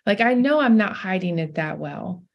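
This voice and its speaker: In an expressive, mid-range voice at normal speed, with the highs cut off, a young woman who is a pastor shares a personal story as a podcast guest. She's heartfelt and earnest and laughs through tears.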